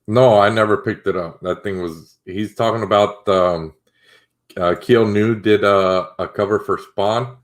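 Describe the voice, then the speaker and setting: A young man with a very low voice, talking in a relaxed, rambling way during a casual live stream. He drifts between topics with plenty of fillers and reads out comments from the chat. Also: unhurried.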